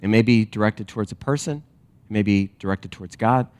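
A man preaching a sermon to a congregation, animated and emphatic, then dropping to quiet reflective questions. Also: lowish voice, fairly quick. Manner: direct address to a congregation with rhetorical questions. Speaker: pastor.

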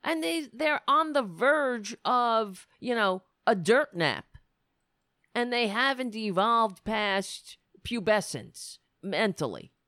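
A woman's voice: on the high side, expressive, slow pace, pushed and bright, dry recording, studio quality. A woman hosting political commentary, reading news excerpts and mocking them with sarcastic asides. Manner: reads news excerpts, then riffs on them.

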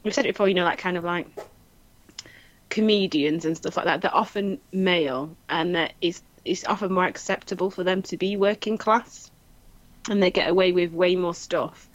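A woman with a Manchester accent, co-hosting a casual chat and telling animated stories, acting out what people said. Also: fairly low pitch, normal speed, no echo, lo-fi sound. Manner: animated storytelling, acts out quoted voices, laughs often. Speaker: podcast co-host.

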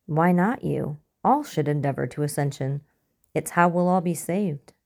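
Woman doing a serene male zealot, low voice, mellow tone, soft and unhurried. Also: vocal fry. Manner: soft-spoken, unsettlingly calm. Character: calm smiling male cult preacher.

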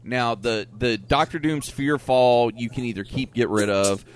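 A man co-hosting a casual podcast over a video call, animated and laughing often. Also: medium pitch, unhurried. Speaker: podcast co-host. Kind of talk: casual chat.

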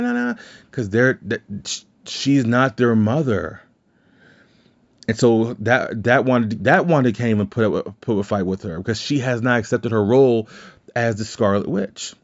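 A man's voice: lowish voice, a little mellow. A man hosting a podcast who casually recaps a movie's plot in a rambling way, retelling scenes with quoted lines. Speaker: podcast host. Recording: dull lo-fi sound.

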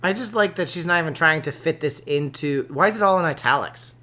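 A man's voice: fairly high pitch, fairly quick, pushed and bright. A man co-hosting a podcast in loose, casual conversation. His delivery is sarcastic and jokey, full of mocking asides as he picks apart a book. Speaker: podcast co-host reviewing a book. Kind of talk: casual chat.

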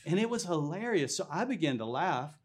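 A man's voice: on the high side, big pitch swings, fairly quick, breathy edge. Man telling a faith story. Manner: earnest storytelling, laughs while telling. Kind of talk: casual testimony chat.

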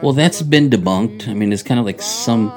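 A man's voice: mid-range voice, moderate pace, music in the background. A man co-hosting a faith podcast from a church radio studio, chatty and upbeat, sometimes reading passages aloud. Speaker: podcast co-host. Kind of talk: casual radio chat.

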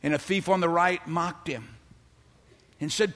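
An older man preaching a dramatic sermon in church, dropping to hushed tones and building to loud calls for praise. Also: on the high side, animated, normal speed, long reverb tail. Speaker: pastor.

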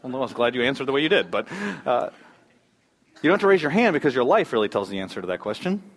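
A man's voice: medium pitch, sing-song, fast talker. A man preaching as pastor, moving from church announcements and prayer to a joking game that quizzes the congregation. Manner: upbeat, joking, quizzes the crowd. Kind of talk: church announcements, prayer and playful audience sermon opener.

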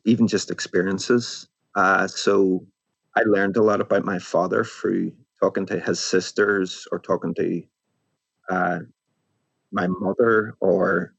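A man with a Northern Irish accent, an author answering interview questions in a thoughtful, musing way that often trails off softly. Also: sits low, vocal fry, no room sound. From Northern Ireland. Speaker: author guest.

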